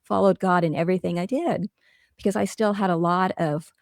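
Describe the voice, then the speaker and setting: Earnest middle-aged woman, author guest; low pitch, dry close sound. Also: fairly even intonation, a little fast, creaky, a little mellow, dry recording. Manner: earnest, reflective, talks through examples. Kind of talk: casual interview conversation.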